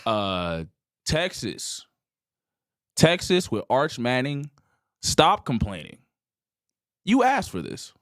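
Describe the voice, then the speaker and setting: Animated man ranting about sports. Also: medium pitch, slow pace, long pauses. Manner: animated ranting, mock-quoting others. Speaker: podcast co-host. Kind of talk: heated casual sports talk.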